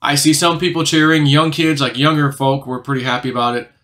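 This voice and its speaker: A man with a bright, ringing voice talks through a long personal story to his audience. His delivery is loose and rambling, padded with filler words. He often sinks lower and softer to stress a point. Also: little pitch movement, fairly quick. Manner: rambling, heavy on "you know" fillers, drops quieter for emphasis. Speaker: channel host recounting a dream. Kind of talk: casual monologue.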